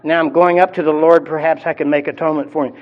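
A man's voice: fairly high pitch, steady tone, fast, muffled recording. A man preaching a sermon in a conversational teaching style, with frequent fillers and restarts. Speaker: pastor.

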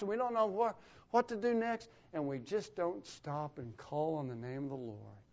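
A man preaching a sermon, his voice swelling louder for emphasis and then dropping to a near hush. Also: on the high side. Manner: rising and falling in volume for emphasis, dropping to a hush. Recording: dull lo-fi recording.

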